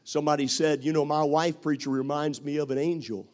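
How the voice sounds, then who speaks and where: A male preacher delivering a dramatic sermon, acting out quoted voices and swinging from loud to hushed. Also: a little high, flat delivery, fairly quick.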